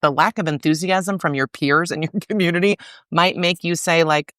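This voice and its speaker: A woman's voice: lowish voice, moderate pace, no room sound. Chatty middle-aged woman, dry close sound. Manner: chatty and animated, many fillers. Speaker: guest, arts organization founder. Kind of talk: casual interview conversation.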